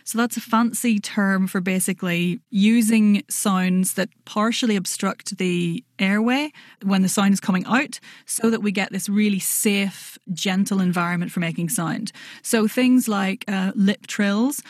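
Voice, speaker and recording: A woman's voice: mid-range voice, measured pace, no echo, studio quality. A woman voice coach explaining vocal technique in an interview, articulate and playful, sometimes demonstrating sounds.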